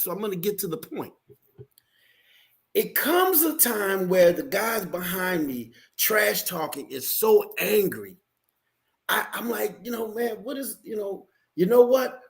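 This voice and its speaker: A man co-hosting a podcast, telling a story in a lively way and acting out the people in it. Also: sits high. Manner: lively, acts out voices in his story. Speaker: podcast co-host. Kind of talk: animated storytelling.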